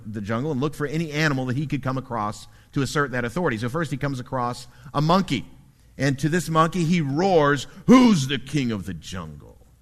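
A male pastor delivering a sermon in an earnest, measured way, building points through emphatic repetition. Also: medium pitch, a bit bright.

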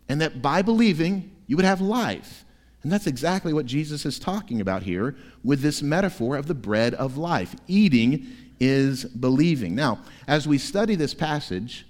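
A man preaching a sermon as pastor, emphatic, with forceful peaks. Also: medium pitch, long reverb tail. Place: church sanctuary.

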